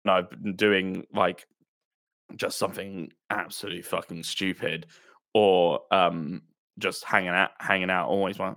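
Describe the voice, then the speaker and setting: Laid-back man with a lowish voice. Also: fairly even intonation, a little slow, a bit bright. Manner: laid-back, chatty, peppered with "like" and "um". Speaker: guest, tabletop role-play player. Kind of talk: casual chat.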